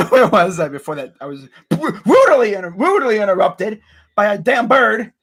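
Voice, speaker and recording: A man's voice: high-pitched, moderate pace, breathy edge. A young man vlogging as a sports fan, ranting casually and swearing a lot. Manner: animated, ranting, swears and says bruh a lot.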